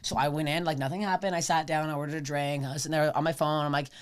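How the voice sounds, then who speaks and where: Woman, rapid-fire, profane, animated storyteller, casual podcast chat. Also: sits low. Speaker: podcast guest.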